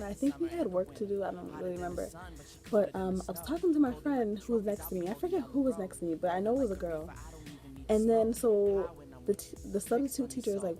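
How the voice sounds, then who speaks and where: A young woman telling a story on her vlog in a rambling, chatty way, full of fillers and giggles. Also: mid-range voice. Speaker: vlogger. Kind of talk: casual storytime chat.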